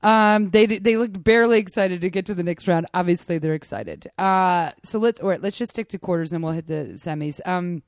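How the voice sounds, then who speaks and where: Woman co-host, chatty and animated, casual sports talk, dry sound. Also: on the low side, brisk, few pauses, no echo. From United States. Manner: chatty, animated, self-interrupting. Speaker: podcast co-host.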